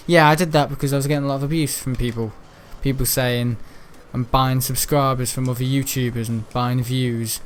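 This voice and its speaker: A man's voice: mid-range voice, steady tone, a little fast, few pauses. A teenage boy from the Wirral with a Merseyside accent, rambling on a live stream. He stumbles over his words with plenty of ums and restarts. A faint background hum sits under his voice. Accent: Merseyside English. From the Wirral, England. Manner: hesitant, many ums and restarts, chuckling. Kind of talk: rambling casual chat.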